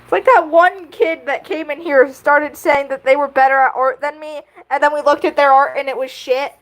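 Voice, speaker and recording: A woman hosting a casual livestream, answering her chat in an animated, giggly way. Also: high-pitched, moderate pace, low-quality recording. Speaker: livestream host.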